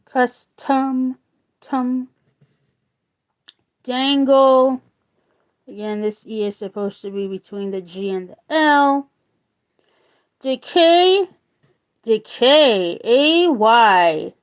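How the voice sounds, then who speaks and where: A woman gives a slow, careful phonics lesson, saying each word twice as she sounds it out. Her voice sits fairly high and she never hurries. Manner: slow, deliberate, repeats words to sound them out. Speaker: teacher.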